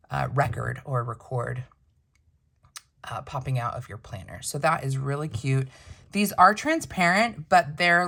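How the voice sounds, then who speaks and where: A woman with a notably low voice chats through an unboxing. She muses aloud, asks herself quick questions and answers them, in an easygoing vlog manner. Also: fairly bright tone. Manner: chatty, thinks aloud, self-questioning asides. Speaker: planner unboxing vlogger. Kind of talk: casual unboxing chat to camera.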